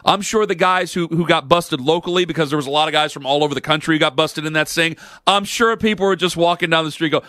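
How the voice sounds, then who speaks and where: A man's voice: fairly high pitch, expressive, fast, few pauses, sharp tone, no echo, clean studio sound. A man hosting a sports talk radio show, delivering a sarcastic, opinionated rant.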